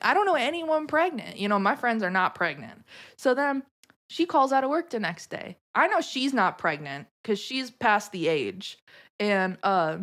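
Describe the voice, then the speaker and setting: A woman from Florida, a podcast guest, telling a story in casual chat, animated and swearing freely. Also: on the high side. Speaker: podcast guest, tarot reader.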